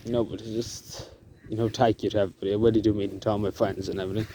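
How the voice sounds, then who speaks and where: A man talking to camera outdoors in the countryside, halting and emotional, with many fillers and restarts. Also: fairly low pitch, little pitch movement. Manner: soft-spoken and emotional. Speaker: vlogger. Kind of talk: emotional outdoor vlog talk. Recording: outdoor noise in the background.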